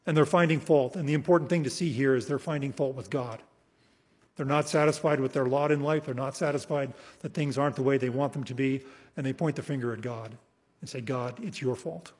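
Husky-voiced guy preaching, punchy then dropping soft at the ends, big echoey hall reverb. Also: mid-range voice, steady tone. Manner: emphatic, slows for scripture, trails off softly at phrase ends. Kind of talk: expository sermon.

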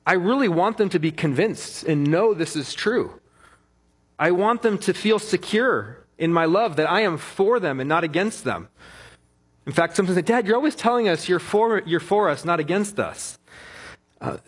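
Husky earnest middle-aged man preaching. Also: fairly high pitch. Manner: earnest, repeats key phrases for emphasis. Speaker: pastor. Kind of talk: sermon.

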